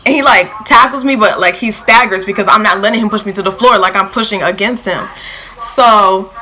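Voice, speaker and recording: A young woman telling a storytime vlog in a lively, filler-heavy way, acting out quotes, with features. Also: medium pitch, fairly quick, a little hiss or hum, low-quality recording. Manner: animated, filler-heavy retelling with acted quotes. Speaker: vlogger.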